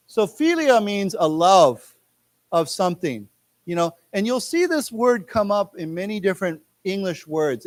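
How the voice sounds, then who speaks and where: A chatty American man leads a live English lesson in a lecture room, his voice a little higher than most men's. He talks loosely, restarts often, and draws words out slowly so the class can repeat them. The sound is dry and close, with little room echo. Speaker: English teacher.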